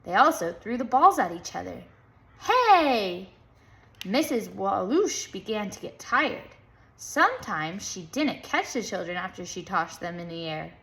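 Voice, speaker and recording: A woman reading a children's book aloud in a lively, playful way, chanting the rhythm sounds. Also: medium pitch, normal speed, gravelly. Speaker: storybook reader.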